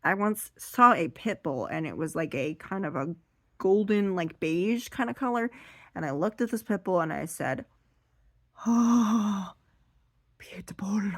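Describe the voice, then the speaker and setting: A woman does seated stand-up comedy, rambling along in an animated way. Her voice sits low-ish, and the sound is dry and close. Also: normal speed, no room sound.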